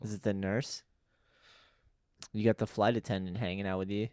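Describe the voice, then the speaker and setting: A man's voice: on the low side, level tone, moderate pace, darkish tone, no room sound, studio quality. Podcast host man, short reactions. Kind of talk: casual chat.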